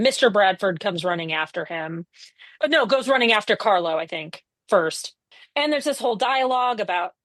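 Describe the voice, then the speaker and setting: Woman cohost on a comedy podcast, kinda high voice, swears a lot, acts out the scenes, super dry close mic. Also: no room sound. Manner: animated, swears freely, acts out characters' lines. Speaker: podcast co-host. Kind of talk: casual podcast chat recapping a TV episode.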